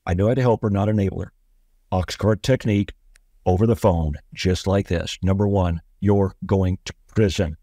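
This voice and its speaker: A man's voice: lowish voice, steady tone, moderate pace, warm tone, no room sound, clean studio sound. A man telling a story as a guest on a podcast interview, acting out the voices of the people in it. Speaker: guest, author and coach.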